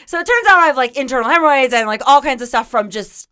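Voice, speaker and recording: A woman's voice: high-pitched, lively intonation, quick pace, pushed and bright, clear, resonant tone. A young woman co-hosting a podcast, telling a long comedic story in a rambling way full of fillers and laughter. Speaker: podcast co-host.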